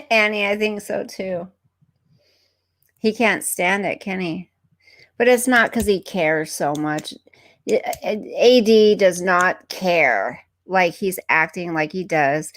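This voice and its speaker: Slow-talking woman chatting on a livestream. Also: on the low side. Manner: chatty, addresses viewers by name, slips into whispered asides. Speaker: livestream host. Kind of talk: casual livestream chat, reading viewer comments.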